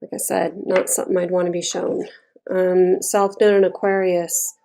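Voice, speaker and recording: A woman's voice: on the low side, little pitch movement, normal speed, vocal fry, dark tone. A woman giving a casual tarot reading, talking bluntly and chattily and swearing freely. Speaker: tarot reader.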